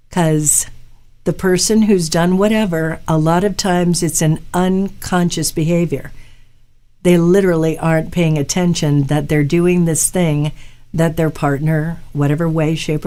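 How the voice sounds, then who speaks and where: A woman's voice: fairly low pitch, dark tone. A woman hosting a live radio talk show as a hypnotherapist, giving earnest advice straight to her listeners.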